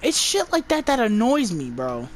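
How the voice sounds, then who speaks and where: A woman's voice: fairly high pitch, huge pitch swings, moderate pace. A woman giving an exasperated, profane movie review, stumbling and restarting her words as she rants.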